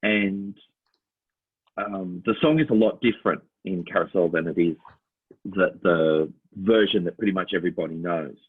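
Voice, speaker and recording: On a tinny, phone-line-like recording, a podcast co-host, a middle-aged Australian man with a low, slightly breathy voice, talks at normal speed. Casual and animated, he tells stories full of laughter and little character voices.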